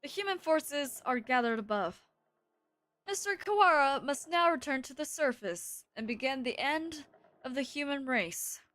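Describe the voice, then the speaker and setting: A woman's voice: high voice, lively intonation, fairly bright tone, no echo. A woman playing a cold villain doctor. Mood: menacing. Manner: slow, cold, deliberate. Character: calm sinister male pigeon doctor.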